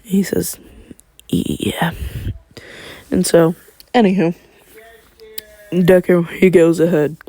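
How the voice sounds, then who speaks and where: A man's voice: high-pitched, little pitch movement, measured pace, long pauses, mellow. A man casually narrating a fan-made story, rambling with slangy asides and wandering off on tangents.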